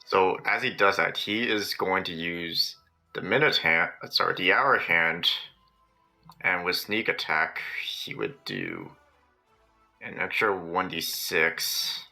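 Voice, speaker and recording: A man playing a tabletop game, thinking aloud slowly about moves and rules. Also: low-pitched, sing-song, creaky, sharp tone, faint music behind. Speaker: player.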